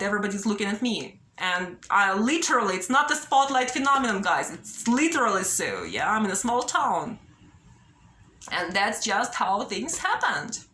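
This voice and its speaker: A woman's voice: sits high, sharp tone, echoey room. A young woman vlogging straight to camera, pleading and anxious, ending many sentences with a questioning "yeah?". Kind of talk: direct-to-camera personal appeal.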